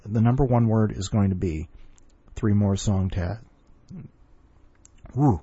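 Casual male podcast host; rambling, sighing, dry close recording, husky. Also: fairly low pitch, slow, long pauses, dark tone, no room sound, highs cut off. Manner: rambling, sighing, self-mocking asides.

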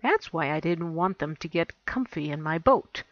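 A woman voicing a paranoid eccentric man who rants and shouts. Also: low voice, animated, normal speed, dry recording, dull audio. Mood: agitated.

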